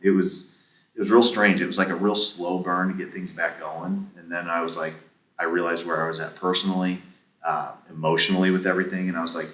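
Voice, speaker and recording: A man's voice: deep voice, little pitch movement, a little fast, a bit bright. A man casually telling a long story as a podcast guest, acting out both sides of the conversations he recounts. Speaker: podcast guest, former gym owner. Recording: echoey room, somewhat distant mic.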